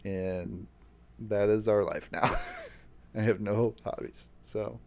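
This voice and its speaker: A man's voice: lowish voice, steady tone, takes it slowly, vocal fry, darkish tone. A man in his thirties hosting a casual podcast at home, teasing and joking with his guest. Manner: playful, teasing. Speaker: podcast host. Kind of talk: casual chat.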